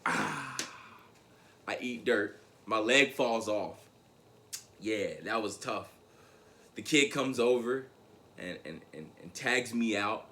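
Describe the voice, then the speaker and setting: A man from Tennessee, giving a convention keynote as a motivational speaker and telling a story with animated swings between loud and hushed delivery. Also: on the low side, slow, pauses often.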